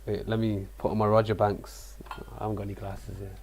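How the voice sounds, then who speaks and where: A man's voice: fairly low pitch, little pitch movement, fairly quick, darkish tone. A man hosting a live trading stream, chatty and self-mocking in casual talk. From Britain.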